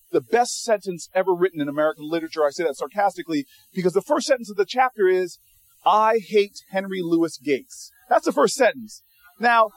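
A man giving a storytelling speech to an audience, animated and humorous, often repeating words as he restarts a sentence. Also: high voice, dry recording, rough recording. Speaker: public speaker addressing an audience.

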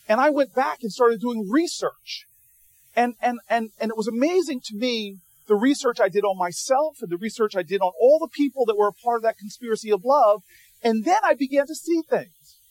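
High-voiced, animated male speaker. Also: no echo, low-quality recording. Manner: animated and humorous, repeats words when restarting. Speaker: public speaker addressing an audience. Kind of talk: storytelling speech.

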